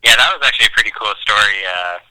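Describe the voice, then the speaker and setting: Bright-voiced man co-hosting a casual podcast. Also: fairly low pitch, fast talker, poor audio. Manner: laughs often, loose filler-heavy talk. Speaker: podcast co-host. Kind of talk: casual chat.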